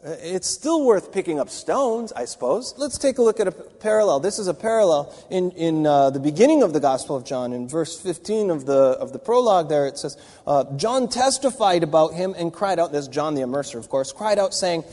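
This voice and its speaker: Animated and fairly quick, a man with a high-leaning, dark-toned voice teaches from the Bible in a big-room acoustic. He works through it conversationally, thinking out loud with fillers, restarts and side comments.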